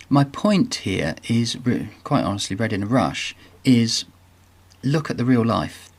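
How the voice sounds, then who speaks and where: A man's voice: medium pitch, expressive, unhurried, creaky. A middle-aged man hosting a casual screen-share walkthrough, talking chattily and with enthusiasm, with frequent ums and restarts. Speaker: video host.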